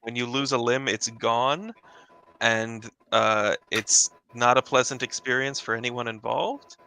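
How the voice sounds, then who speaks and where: A man's voice: medium pitch, fairly even intonation, measured pace, gravelly, pushed and bright, clear, resonant tone, poor audio. A man in casual chat about fiction, rambling and swearing often.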